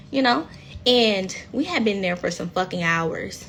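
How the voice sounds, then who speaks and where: A woman's voice: mid-range voice, expressive, measured pace, fairly bright tone, a little hiss or hum. A woman, a reality TV cast member chatting candidly and bluntly on a phone livestream, swearing freely. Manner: candid, blunt, profane storytelling. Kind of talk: casual livestream chat.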